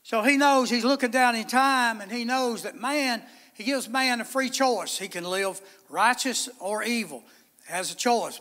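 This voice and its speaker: A man's voice: high-pitched, bright, forceful tone. A man preaching a midweek sermon, plainspoken and folksy, reading scripture aloud as he goes. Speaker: pastor. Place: church sanctuary. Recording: long church reverb.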